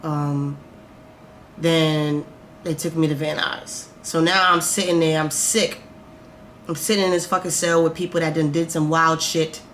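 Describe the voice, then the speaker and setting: A woman telling a personal story in a vlog, animated and profane, swinging between loud outbursts and slow, quiet musing. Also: deep voice. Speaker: vlogger. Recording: roomy echo, faint background noise.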